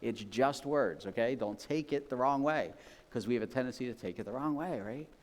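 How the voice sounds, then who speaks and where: A man's voice: medium pitch, brisk, in a large hall. A man preaching a sermon as pastor, in a conversational, emphatic way that often checks in with "right?". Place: church sanctuary.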